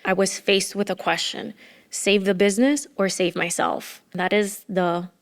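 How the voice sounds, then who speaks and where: A woman in her thirties talks openly as a podcast guest, her voice sitting in an ordinary middle pitch. She rambles emotionally and leans on "like" as she goes. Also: little pitch movement, measured pace. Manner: emotional, rambling with many "like" fillers. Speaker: podcast guest, former entrepreneur. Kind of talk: candid conversational storytelling.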